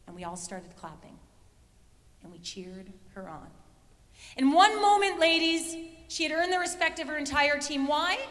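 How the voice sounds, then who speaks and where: High, bright woman speaker in a hall. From Canada. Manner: rousing, addresses audience directly. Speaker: keynote speaker. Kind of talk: motivational speech. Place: large event hall. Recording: reverberant hall.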